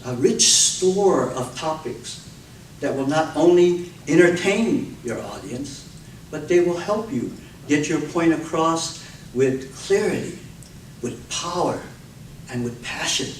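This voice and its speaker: A man's voice: a little high, a little hiss or hum. A man giving a speech on public speaking, telling stories expressively and acting out the voices in them. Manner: expressive storytelling, acts out cries and quotes. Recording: echoey room from a distant mic, faint ambience.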